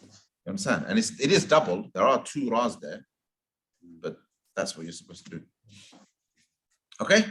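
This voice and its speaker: A man teaching a casual Quran pronunciation class in a community centre, patiently drawing out sounds slowly to demonstrate them. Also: lowish voice, big pitch swings, a bit bright. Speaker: tajweed teacher. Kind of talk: informal Quran pronunciation lesson.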